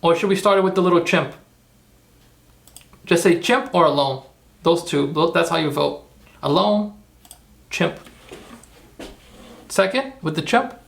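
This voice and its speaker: Brief: male streamer, gravelly, pitched a bit high, rambling commentary. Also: animated, unhurried, pauses often, a bit bright. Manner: thinking aloud, rambling, self-correcting. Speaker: streamer making AI videos. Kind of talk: live-stream screen-work commentary.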